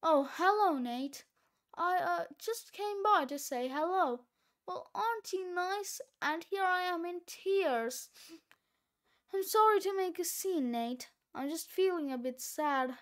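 A woman's voice: extremely high pitch, expressive, takes it slowly, heavily acted. A woman doing a sentimental older schoolwoman. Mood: tearful. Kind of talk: storybook read-aloud.

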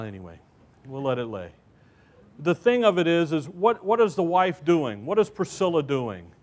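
A man preaching a church sermon in a folksy storytelling way, with asides to the listeners. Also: medium pitch.

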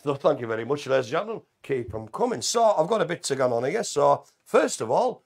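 A man's voice: on the high side, big pitch swings, fairly quick, husky. A man co-hosting a live community show, chatting in a jokey, easygoing way. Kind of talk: casual live chat.

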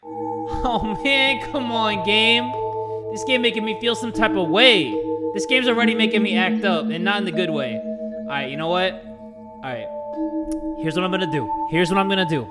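A man hosting a horror game playthrough, excitable, going from hushed muttering to loud screams, his voice strained from screaming. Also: high-pitched, normal speed. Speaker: gaming video host. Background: creepy game music.

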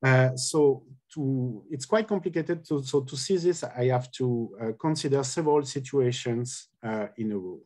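A man gives an academic colloquium talk on linguistics, explaining step by step with many hesitations, filler sounds and self-corrections. His voice is medium-pitched and darkish, at a normal speed with few pauses.

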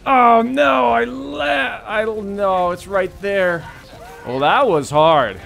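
A man hosting a gaming channel, giving excitable let's play commentary full of yelps and laughter. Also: high voice, slow pace, vocal fry, faint music behind.

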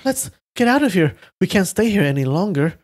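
A man's voice: sits high, very animated, fairly quick, darkish tone, pitched above the performer's own voice. Man doing a nervous, shaky young woman. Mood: worried. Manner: shaky and anxious.

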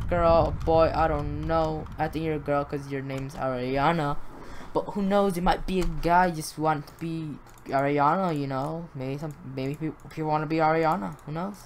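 A woman with a deep, low voice talks viewers through her game from a room at home, rambling and excitable. Her voice is wearing out and she keeps clearing her throat. A steady hiss of background noise sits under the home recording. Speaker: gaming video host. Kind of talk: live gameplay commentary. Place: home room, brother nearby.

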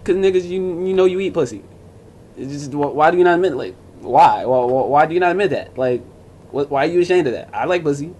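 A man's voice: fairly high pitch, animated, fast, a little mellow. A young man vlogging to camera in a casual, profane rant, blunt and mocking as he talks over music and forum posts.

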